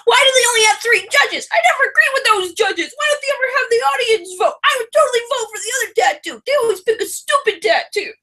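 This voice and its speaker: A woman's voice: very high voice, animated, fast, hardly any pauses, sharp tone, pitched above the performer's own voice, exaggerated voice. A woman mimicking her grown son's whiny, exaggerated tirade about a television show. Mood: outraged rant. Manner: whiny exaggerated complaining, half laughing. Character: her grown son ranting, squeaky and outraged.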